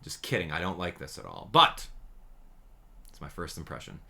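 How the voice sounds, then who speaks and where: A gaming YouTuber man giving slangy, excitable commentary on a game trailer, swinging between hype and sarcasm. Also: deep voice, moderate pace, vocal fry.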